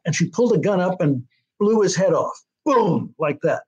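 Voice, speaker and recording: An older American man recalls events in a casual interview, his voice sitting a little high for a man. He rambles, restarting his sentences and filling pauses with "uh" and "um". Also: a little mellow, husky. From United States. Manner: rambling with many restarts and fillers. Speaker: TV writer-director being interviewed.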